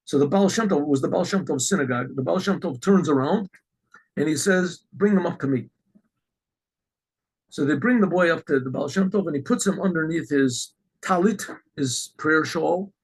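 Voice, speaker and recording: A man, a rabbi, telling a religious story in an animated way, often clearing his throat. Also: fairly high pitch, moderate pace, rough recording.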